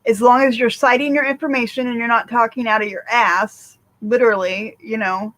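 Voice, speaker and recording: A woman's voice: fairly high pitch, fairly even intonation, moderate pace, a bit bright, low-quality recording. A woman hosting a casual livestream, swearing freely and rambling with many fillers while answering viewer chat. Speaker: livestream host.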